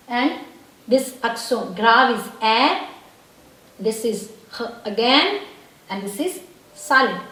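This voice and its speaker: A woman's voice: on the high side, expressive, slow, long pauses, sharp tone, heavy reverb, low-quality recording. A woman teaching a language lesson, patiently explaining and repeating words and checking in with her viewers. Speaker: French teacher.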